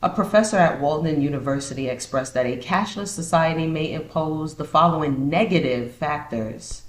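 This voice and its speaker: Deep slow lady podcaster, sarcastic little asides, kinda echoey room. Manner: chatty, sarcastic asides, reads points then riffs. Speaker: podcast host. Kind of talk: casual commentary podcast. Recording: roomy echo.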